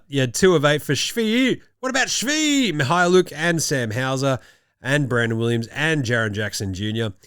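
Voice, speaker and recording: A man's voice: mid-range voice, a bit bright, smooth, no echo, studio quality. A young Australian man hosting a casual basketball show, joking as he rattles off stats. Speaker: host. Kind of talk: casual chat.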